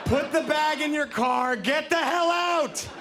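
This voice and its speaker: A man voicing his exasperated male best friend, who mocks and shouts advice at him in disbelief. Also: sits high, very animated, takes it slowly, gravelly, a crowd in the background, noisy background, exaggerated voice. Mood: exasperated yelling. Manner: shouting, mocking, incredulous.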